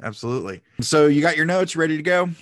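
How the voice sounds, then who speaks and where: A man's voice: on the high side, lively intonation, fast, fairly bright tone, no room sound, clean studio sound. A man hosting a podcast in casual, upbeat chat, laughing often. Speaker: podcast host.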